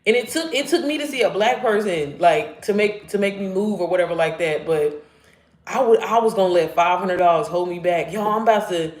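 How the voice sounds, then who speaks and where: A woman in her thirties chatting casually on a live stream about faith and digital marketing. She talks candidly, swears, laughs and swoops up high when excited. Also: brisk, echoey room. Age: 30s.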